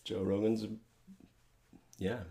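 Man, very low voice, relaxed casual podcast chat, laughs as he talks. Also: slow, gravelly. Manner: laid-back, laughs while telling stories. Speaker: podcast co-host.

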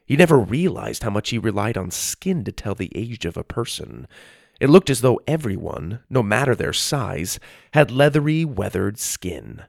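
A man reading a children's story aloud as narrator, in an expressive storytelling manner. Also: mid-range voice, normal speed, vocal fry, no echo, clean studio sound.

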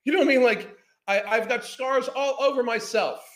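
Man, 50s, profane heated rant, scornful, high-pitched, bright. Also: moderate pace. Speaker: podcast host. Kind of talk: ranting commentary.

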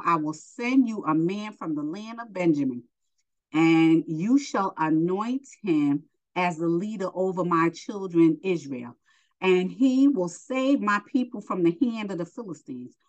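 A woman's voice: on the low side, expressive, measured pace, lo-fi sound. A woman teaching a Bible lesson, reading scripture aloud and stopping to explain it in casual asides.

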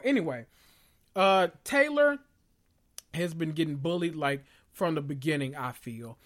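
A man from the South, hosting a podcast in casual, opinionated chat with dramatic swings in pitch. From Southern United States. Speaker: podcast host.

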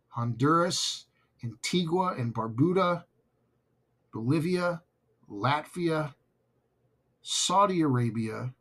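Slow, husky male podcast host. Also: mid-range voice, a bit bright. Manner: heartfelt and grateful, slow and earnest. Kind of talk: casual solo podcast talk.

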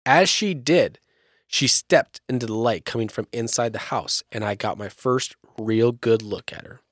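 A man at a middling pitch reads a creepy story aloud to his podcast co-hosts. He narrates in a steady storytelling way and breaks off now and then for a joke. The sound is dry and close. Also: moderate pace, no echo. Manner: storytelling narration with jokey asides. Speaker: podcast host.

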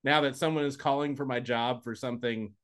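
A man in his forties, a play-by-play announcer co-hosting a sports podcast in casual, dry, self-mocking chat, quick to laugh. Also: medium pitch, fairly even intonation, a bit bright, clear, resonant tone.

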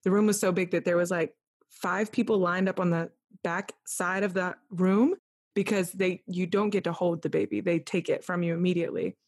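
A woman's voice: lowish voice, fairly even intonation, moderate pace. A young woman candidly retelling a personal story as a podcast guest, acting out what others said to her. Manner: candid, vivid retelling with quoted dialogue.

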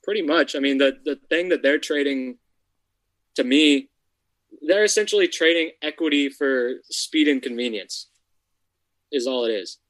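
A man's voice: a little high, normal speed, long pauses, a bit bright, rough recording. A man who buys houses, talking bluntly and casually with plenty of swearing. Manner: blunt, profane, conversational. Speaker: real estate investor. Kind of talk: casual podcast chat.

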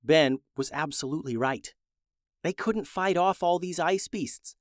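Expressive male storyteller, dry close sound. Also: fairly high pitch, a little slow, no echo. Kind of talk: children's story narration.

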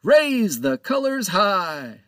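A man voicing a cheerful, loud pirate captain who shouts his lines, in a storybook reading. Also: high-pitched, big pitch swings, drawn-out words, no echo, clean studio sound, pitched above the performer's own voice, heavily acted. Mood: booming jolly. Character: jolly booming male pirate captain.

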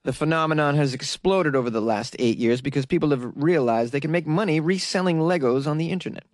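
A man's voice: on the high side, fast, dry recording, clean studio sound. A young man from Massachusetts hosting casual news commentary, with joking, sarcastic asides. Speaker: host.

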